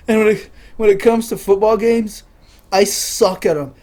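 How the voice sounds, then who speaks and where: A young man telling rambling comic stories, laughing at his own jokes and acting out voices loudly. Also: sits high, fairly even intonation, measured pace. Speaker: comedian.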